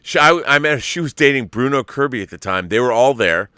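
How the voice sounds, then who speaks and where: A man in his fifties hosting a casual podcast chat, telling stories in an animated, profane way. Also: medium pitch, fairly quick, clean tone, no room sound, clean studio sound. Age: 50s. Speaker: show host.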